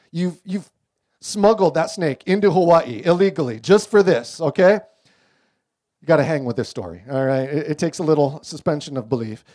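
Joking middle-aged pastor, slightly high voice. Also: male voice. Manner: relaxed, joking storyteller. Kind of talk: casual sermon to a congregation with children. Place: church service.

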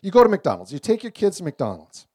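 A man's voice: high-pitched, fast talker, breathy edge. A middle-aged man preaching a casual, joking sermon to a church congregation with children. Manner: relaxed, joking storyteller. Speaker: pastor. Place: church service.

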